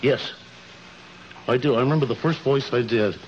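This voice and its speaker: A man guesting on a talk show as a voice actor, answering in a relaxed, matter-of-fact way. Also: mid-range voice, moderate pace. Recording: muffled noisy old TV recording.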